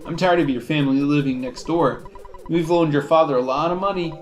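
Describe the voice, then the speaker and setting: A man's voice: fairly high pitch, fairly quick, faint music behind, lightly acted. A man reading the lines of a smug, self-pitying neighbor father in a game. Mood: complaining.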